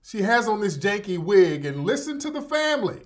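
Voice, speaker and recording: A man's voice: high-pitched, normal speed. A man hosting a live talk show, commenting with laughter and mockery, then reading plugs for products. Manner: laughing, mocking, animated ad reads. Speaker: host.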